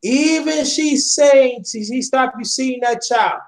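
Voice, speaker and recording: Very high-voiced impassioned male host. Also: slow. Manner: preachy, repeats himself, addresses listeners directly. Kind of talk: impassioned casual chat.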